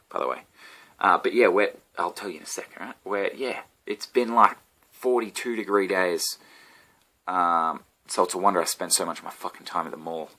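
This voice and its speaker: A man's voice: low-pitched, pushed and bright. A young Australian man, a comedian, delivering a rambling, profane, self-mocking comic monologue to camera. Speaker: comedian vlogger.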